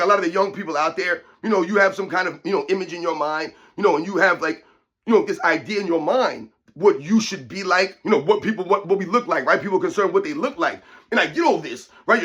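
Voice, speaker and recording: Brief: higher-pitched male fitness host, emphatic, repetitive rant to camera. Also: fast talker, a bit bright. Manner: emphatic, repetitive, keeps addressing viewers as guys. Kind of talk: opinion rant to viewers.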